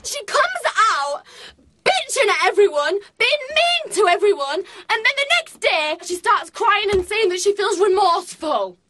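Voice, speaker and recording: A woman's voice: very high voice, sing-song, measured pace, bright, forceful tone, slight background noise. A young woman with a British English accent, trading cutting, sarcastic insults in a heated argument. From England. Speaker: reality show contestant.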